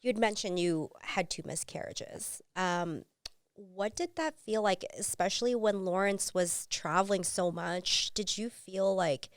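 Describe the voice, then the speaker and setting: A woman's voice: medium pitch, unhurried, no echo, studio quality. A woman hosting a podcast, asking her guest curious follow-up questions in a casual way. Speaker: podcast host.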